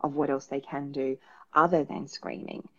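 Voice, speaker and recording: A woman with an Australian accent, a psychologist giving parenting advice in a relaxed, thoughtful way, with many fillers. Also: sits low, moderate pace, lo-fi sound. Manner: thoughtful, rambling with many fillers, acts out examples. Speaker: perinatal psychologist guest. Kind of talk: casual advice talk. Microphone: video call.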